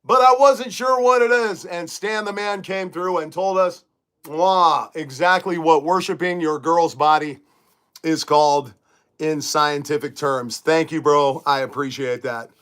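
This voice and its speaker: A middle-aged man chats to his live audience from his bedroom, loose and emphatic, answering viewer comments as they come. His voice sits a little higher than most men's. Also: measured pace, a bit bright. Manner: chatty, emphatic, reads viewer comments aloud. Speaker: livestream host. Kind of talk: casual live-chat monologue.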